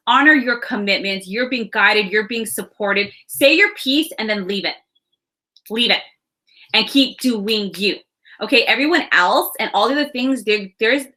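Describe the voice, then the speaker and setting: Woman in her thirties, tarot reader, bright tone; chatty, reassuring delivery straight to camera. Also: a little high. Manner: chatty, reassuring, laughs and sighs between thoughts. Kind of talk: casual spiritual reading.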